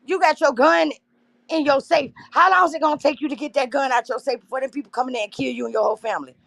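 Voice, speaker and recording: Impassioned gravelly-voiced woman livestreaming. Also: high voice, fairly even intonation, fast, a bit bright, no room sound. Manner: impassioned, addresses viewers as y'all. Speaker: livestream host. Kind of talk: emotional livestream talk to viewers.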